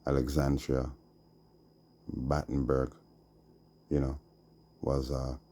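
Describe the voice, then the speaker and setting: A man with a Jamaican accent preaching slowly on a live stream, dropping "see?" and "yeah?" between his lines. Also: rumbling low, monotone, warm tone. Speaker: Rastafari livestreamer. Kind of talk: rambling livestream preaching.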